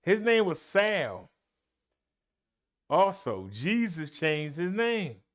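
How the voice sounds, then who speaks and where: A minister leading a Bible study preaches in a high, sing-song voice, emphatic and folksy, speaking directly to his listeners. His delivery is slow, with long pauses and swooping emphasis.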